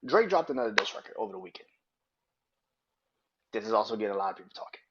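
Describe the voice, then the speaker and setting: A man hosting a solo podcast, ranting in a profane, animated and emphatic way. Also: on the low side, quick pace, dull audio, background noise. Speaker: podcast host. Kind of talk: opinionated solo podcast rant.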